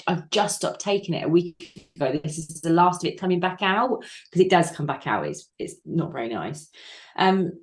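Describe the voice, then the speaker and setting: A woman in her thirties with a low-pitched voice tells a personal story as an interview guest. She speaks candidly and haltingly, with many fillers and restarts. The recording has a noticeably echoey room sound.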